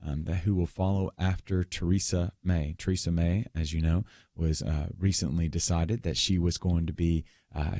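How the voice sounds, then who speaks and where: A man's voice: sits low, mellow, dry recording, studio quality. A young man guest-hosting a radio talk show, giving loose conversational commentary with frequent fillers and restarts.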